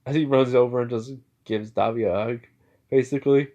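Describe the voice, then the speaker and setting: A man casually telling a fan-fiction story out loud, rambling with lots of filler words. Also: mid-range voice, fairly even intonation, fairly quick, lo-fi sound.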